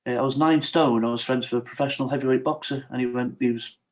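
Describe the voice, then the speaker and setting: A man's voice: medium pitch, steady tone, fast. Emotional man telling his story. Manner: emotional, earnest, acts out quoted dialogue. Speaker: podcast guest. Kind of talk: personal storytelling in conversation.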